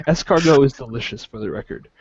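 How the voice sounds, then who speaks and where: A man's voice: mid-range voice, expressive, fast, a little mellow, muffled recording, slight background noise. A man playing in a tabletop role-playing game, casual and joking, with swearing. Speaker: player.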